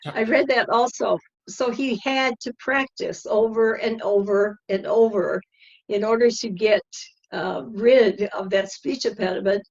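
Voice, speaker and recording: A woman giving earnest, reflective answers in an interview, in a measured way. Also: mid-range voice, darkish tone, dull audio. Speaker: interview guest.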